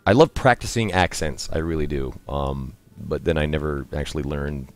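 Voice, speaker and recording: A man chatting casually as he plays a game, laughing often and reacting out loud to the action. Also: rumbling low, moderate pace. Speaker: streamer and host. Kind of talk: casual gameplay commentary.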